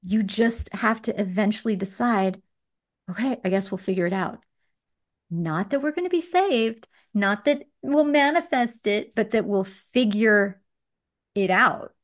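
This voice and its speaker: A woman hosting a conversational coaching chat about money. She talks in an animated, emphatic way and laughs often. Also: medium pitch, a little slow.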